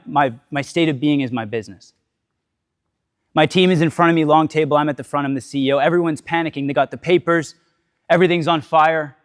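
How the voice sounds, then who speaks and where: A man delivering a motivational talk to a live audience in a slightly high voice. He tells his story candidly, swears freely, and keeps checking in with the crowd with "right?" The sound is dry and close. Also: a bit bright, no room sound. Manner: storytelling, often tags lines with "right?". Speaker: speaker giving a talk.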